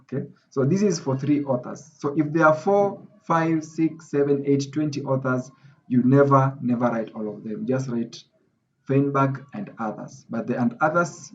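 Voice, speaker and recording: Male lecturer, emphatic, repeats key points; video-call audio, slightly muffled, mid pitch. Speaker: teacher. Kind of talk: online class lecture.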